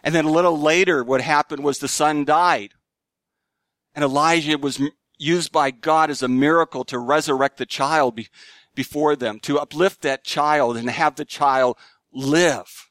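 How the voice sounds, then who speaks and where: Earnest male preacher, smooth voice. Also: steady tone, unhurried, no room sound. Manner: earnest preaching, dramatic shifts between emphatic highs and hushed lows. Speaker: pastor. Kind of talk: sermon.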